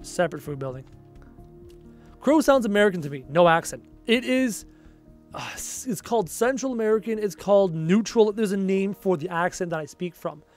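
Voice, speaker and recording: A man's voice: high-pitched, lively intonation, normal speed, soft background music. A young Canadian man with a Canadian accent, chatting casually on a gaming livestream, thinking aloud and answering viewer comments. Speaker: livestream gamer.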